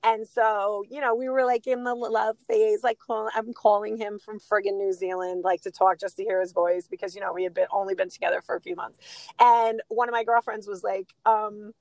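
A middle-aged woman co-hosting a podcast, telling animated stories and laughing often in a casual chat. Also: medium pitch, moderate pace, no echo. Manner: animated storytelling, laughs often, gives shout-outs. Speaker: podcast co-host.

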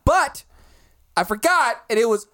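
A woman casually retelling a play, animated and swearing, acting out the characters' lines as she goes. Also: a little high, measured pace, no room sound, clean studio sound.

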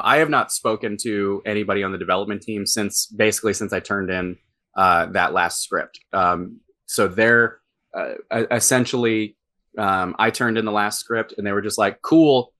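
A man's voice: on the low side, moderate pace, pushed and bright. A man who writes for games, talking casually in an interview, rambling with many fillers and restarts. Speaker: game writer.

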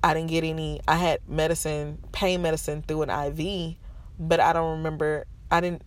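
Parked in a school lot, a woman vlogger in her thirties opens up to viewers about something painful, speaking frankly and with emotion. She has a low voice, a flat delivery and normal speed, and her nose is stuffy from fighting back tears.

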